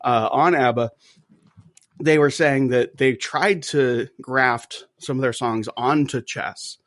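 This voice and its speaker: A man's voice: medium pitch, takes it slowly, a bit bright, dry recording. A man hosting a podcast in casual chat, telling a story with animation and acting out quoted voices. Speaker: podcast host.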